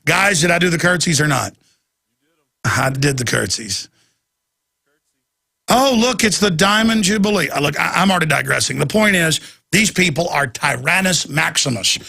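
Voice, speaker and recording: A man's voice: medium pitch, creaky, sharp tone, husky. A middle-aged man hosting a talk radio show, delivering a heated, ranting monologue with mocking asides.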